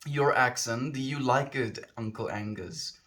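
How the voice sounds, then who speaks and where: A man's voice: medium pitch, a little slow, a bit bright. A man from South Africa with a South African accent, chatting casually with his stream viewers in a rambling, reflective way that often corrects itself mid-sentence. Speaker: livestreamer.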